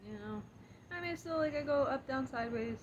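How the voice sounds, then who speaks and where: A woman giving a reflective casual monologue on her spiritual healing, chatty and quick to laugh at herself. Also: high voice, expressive, dull audio. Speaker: spiritual vlogger. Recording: clear background insect noise.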